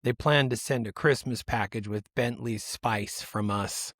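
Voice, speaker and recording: A man's voice: mid-range voice, unhurried, a bit bright, dry recording, studio quality. A man hosting a casual podcast, reading news stories aloud in a rambling, self-interrupting way. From United States. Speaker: podcast host.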